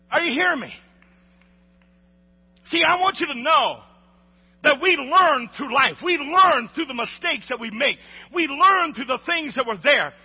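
A man preaching a sermon to a congregation, calling for responses and shouting at the peaks. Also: extremely high pitch. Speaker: pastor. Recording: lo-fi recording with long hall reverb.

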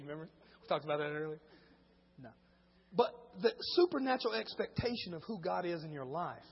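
A male pastor preaching a sermon, moving between quiet storytelling and shouted preaching in casual speech. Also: fairly high pitch, creaky, slightly rough, big-room sound, highs cut off. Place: church.

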